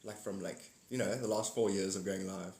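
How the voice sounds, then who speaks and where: A man's voice: low voice, steady tone, moderate pace, darkish tone, reverberant. A man in his forties, hosting a casual livestream chat, rambling and repeating himself while greeting viewers by name. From South Africa. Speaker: livestream host.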